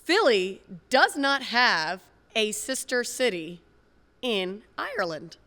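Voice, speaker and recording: A woman's voice: fairly high pitch, very animated, slow, pushed and bright. A woman co-hosting a TV advice segment, chatty and agreeable. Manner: chatty, agreeable, reads letters. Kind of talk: casual chat. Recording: long reverb.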